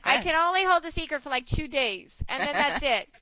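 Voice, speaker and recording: A woman in her forties hosting a casual chat, telling stories in an animated way and acting out quotes. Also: sits high, brisk, no room sound, poor audio. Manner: chatty, animated storytelling with acted quotes. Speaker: host.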